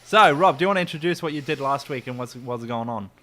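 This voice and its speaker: A man's voice: mid-range voice, animated, quick pace, a bit bright. A man hosting a casual comedy podcast, telling rambling stories with frequent giggles. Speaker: podcast host.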